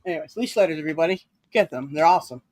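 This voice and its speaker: A woman's voice: sits low, very fast, darkish tone, dry recording. A woman hosting a casual livestream chat. She rambles, swears freely and acts out quoted lines in raised voices. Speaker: stream host.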